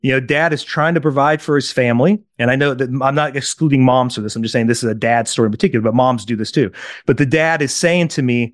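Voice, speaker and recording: A man's voice: mid-range voice, fast, no echo, clean studio sound. A man talking as a parenting coach in an interview, telling stories animatedly, acting out quotes and often checking in with "right?". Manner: animated storyteller, acts out quotes, keeps asking "right?". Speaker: parenting coach, podcast guest. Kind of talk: interview talk with anecdotes.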